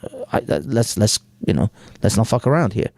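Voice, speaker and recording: A man's voice: fairly low pitch, sing-song, brisk, gravelly, darkish tone, no echo. A British man hosting a live stream, giving crude, rambling commentary full of swearing and stumbles over words. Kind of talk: crude casual commentary while reading an article aloud.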